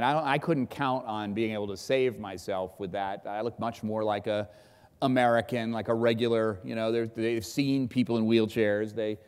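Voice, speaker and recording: A middle-aged man giving a keynote speech, an animated storyteller who acts out shouting. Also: medium pitch, smooth. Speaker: keynote speaker. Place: large event hall. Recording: long hall reverb.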